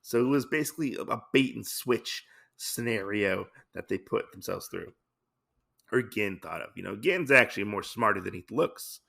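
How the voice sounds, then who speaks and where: A man's voice: fairly low pitch, lively intonation, normal speed, creaky, pushed and bright. A man hosting a podcast, casually recapping a comic story in a rambling, amused way. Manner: rambling, many fillers and restarts, amused. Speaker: podcast host.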